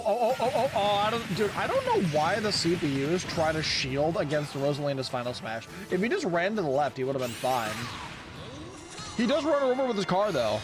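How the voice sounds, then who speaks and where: A young man commentating on a live stream, his voice a little high and swinging all over as he exclaims at the action. He laughs often and drops into brief character voices. Game music plays clearly behind him.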